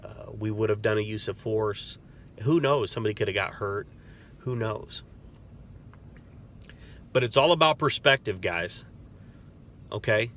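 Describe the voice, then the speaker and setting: Man, corrections officer type, bright forceful voice, relaxed storytelling delivery. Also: fairly low pitch, moderate pace, a little hiss or hum. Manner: earnest, conversational, storytelling. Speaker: corrections officer and crisis negotiator. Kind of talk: casual advice talk with stories.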